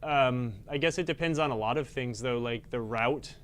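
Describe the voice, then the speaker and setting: A man hosting a live stream, explaining a pinball repair quickly with lots of fillers, tired but energetic. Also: medium pitch, smooth. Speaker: pinball repair technician host. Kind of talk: live-stream technical chat.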